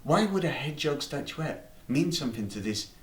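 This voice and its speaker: A man's voice: a little high, sing-song, normal speed. A man rambling through a comic anecdote, swearing freely and restarting his sentences. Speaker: comedy storyteller. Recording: roomy room, distant mic.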